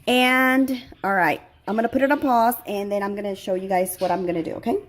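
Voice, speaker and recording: In her kitchen, a woman walks viewers through a home cooking tutorial, her chatter full of fillers and self-corrections, her eyes watering from the onions. She speaks briskly in a steady, mid-range voice.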